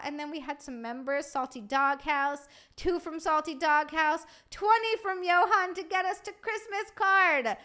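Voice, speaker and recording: A woman hosting a livestream, rambling warmly through thank-yous, tired from lack of sleep. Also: extremely high pitch. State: sleep-deprived. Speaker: livestream host. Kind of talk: casual stream sign-off chat.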